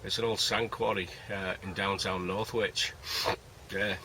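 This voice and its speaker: With a low-pitched, even voice and a measured pace, a carp-fishing vlogger chats loosely and jokingly to camera beside a lake at his winter camp. The outdoor audio is noisy.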